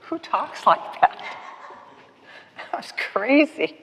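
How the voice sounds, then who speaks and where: A woman's voice: a little high, slow pace, gravelly, husky. Older woman telling her story, echoey hall. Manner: lively, self-mocking, laughs often. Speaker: speaker at a recovery meeting. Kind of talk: personal storytelling talk. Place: meeting hall with podium. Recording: dull, echoey hall recording.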